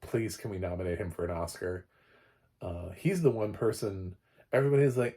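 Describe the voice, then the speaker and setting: A man giving a casual, digressive film review, opinionated and quick to laugh at his own slips. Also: low-pitched, mellow. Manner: opinionated, playfully exaggerated.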